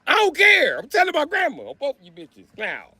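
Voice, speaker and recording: A man voicing a strict, fed-up schoolteacher woman who shouts swearing scolds. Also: very high-pitched, huge pitch swings, fairly quick, voice pushed up, full character voice. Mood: scolding.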